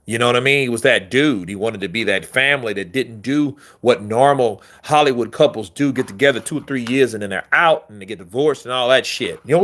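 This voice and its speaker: A man's voice: medium pitch, brisk, hardly any pauses, fairly bright tone. A man hosting a casual boxing chat, talking loosely and profanely in a rambling street style and answering viewer questions. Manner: answers viewer questions, acts out quotes with voice shifts. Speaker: boxing commentary host.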